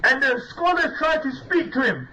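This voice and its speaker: A man's voice: very high-pitched, big pitch swings, moderate pace, bright, forceful tone, distant mic, a little hiss or hum, poor audio. A man preaching a sermon as a story, earnest and emphatic, using Arabic religious terms. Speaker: Islamic preacher.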